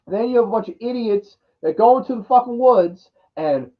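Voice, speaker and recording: An extremely high-pitched man with a sing-song delivery rants through a crude, exasperated horror movie review, mocking the characters in put-on voices. He speaks fairly quickly with hardly any pauses, and the lo-fi audio sounds dull.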